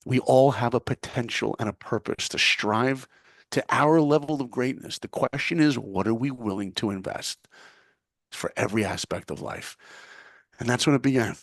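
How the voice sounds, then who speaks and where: With a gravelly, slightly bright mid-range voice at a moderate pace, this middle-aged guest from the United States, once an animator and now a speaker, animates a personal story by playing both parties in the conversations. The recording is dry and studio quality.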